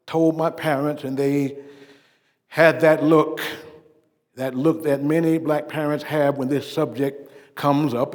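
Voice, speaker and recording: A male actor portraying a dignified civil rights preacher, higher-pitched man, stately storytelling, sudden loud swells and soft drops, live stage monologue, long hall reverb. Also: lightly acted. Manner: measured oratory with emphatic swells and hushed drops. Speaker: living-history performer. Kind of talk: first-person living-history monologue. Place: stage performance.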